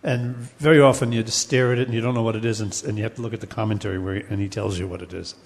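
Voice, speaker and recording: A man's voice: on the low side, fairly even intonation, very fast. A man teaching a class on Sanskrit poetics. He explains patiently, sometimes chants Sanskrit verses, and often restarts his sentences with fillers. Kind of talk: classroom lecture. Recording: long hall reverb.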